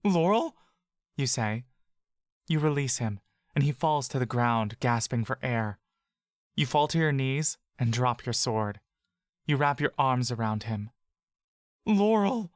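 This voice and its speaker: A man narrating a fantasy adventure story in the second person, in a calm, steady storytelling manner. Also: mid-range voice, unhurried, dry recording, studio quality.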